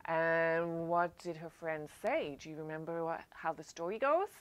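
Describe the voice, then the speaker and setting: A woman leading a library storytime for young children, gently explaining things step by step. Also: sits low, moderate pace, lo-fi sound.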